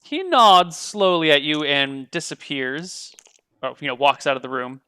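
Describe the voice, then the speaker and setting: Bright, crisp man running the game. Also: a little high, expressive, unhurried, no echo. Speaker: dungeon master. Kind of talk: narrating a tabletop game.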